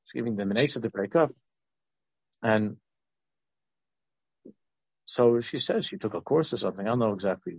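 An older man in his sixties gives an informal Torah talk in a gravelly, husky voice. He rambles and restarts his sentences. The sound is dull and lo-fi, recorded dry. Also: fairly low pitch, lively intonation, moderate pace, long pauses, a little mellow, dry recording. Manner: rambling, with many restarts and asides.

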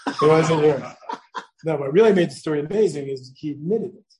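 A middle-aged man teaches students a Torah class in a conversational way, repeatedly asking "right?", telling stories from home, and mixing Hebrew and Yiddish terms into his English. His voice is a little high and a little fast, and the rough recording has a crowd in the background.

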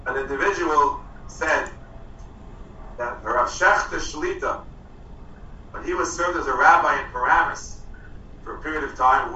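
A man giving an informal talk to students, animated, telling stories and slowing down for emphasis. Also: mid-range voice, slight background noise. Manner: animated storytelling, stresses words and slows for emphasis. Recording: echoey hall from far off, dull lo-fi.

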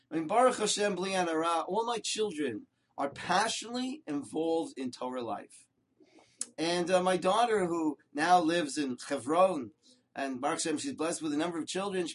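An older man, a rabbi, teaching a Torah lesson with lively storytelling, rhetorical questions and short repeated phrases for emphasis. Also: high-pitched.

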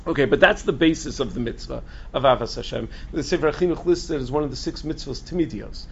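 A man's voice: mid-range voice, quick pace, highs cut off, slight background noise. A man teaching as a rabbi in a lecture. He quizzes the audience with questions and answers them himself, often restarting and repeating words. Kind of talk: Torah lecture to a group.

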